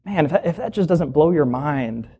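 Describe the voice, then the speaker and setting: A male minister delivers a sermon in a fairly high voice. He preaches with energy and emphasis, firing off rhetorical questions and drawing out the phrases he wants to land. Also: animated, moderate pace, mellow, husky.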